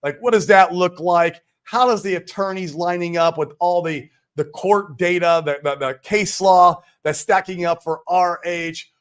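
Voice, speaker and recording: Higher-voiced man hosting a crypto stream. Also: a little slow, few pauses, smooth. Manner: loose, slangy and excitable, calls viewers guys and man. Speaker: crypto livestream host. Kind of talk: casual livestream talk.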